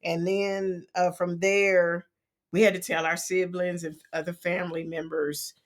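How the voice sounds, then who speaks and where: A middle-aged woman with a lowish voice speaks flatly at a measured pace while co-hosting a podcast. In casual conversation she tells a family story earnestly and vividly, often restarting her sentences.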